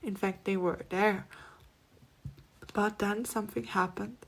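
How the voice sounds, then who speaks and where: A woman giving a pick-a-card spiritual reading, speaking softly and often dropping to a near-whisper, then breaking into laughs. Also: medium pitch, fairly even intonation, a little slow, vocal fry. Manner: soft-spoken, drifting between near-whispers and laughing outbursts. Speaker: tarot reader.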